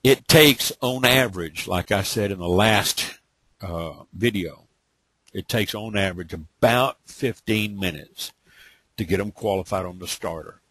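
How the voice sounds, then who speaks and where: Blunt, emphatic man with a husky voice. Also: low voice, measured pace, bright, forceful tone, dry recording. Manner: blunt, emphatic, talks in bursts with frequent "okay?". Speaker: online business trainer. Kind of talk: live webinar training.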